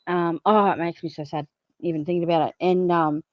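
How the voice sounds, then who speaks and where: A woman's voice: lowish voice, fairly even intonation, fairly quick, no echo, lo-fi sound. A woman, a podcast guest frankly telling her own story with lots of fillers and swearing. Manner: frank and blunt, swears freely, many fillers. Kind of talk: candid personal storytelling.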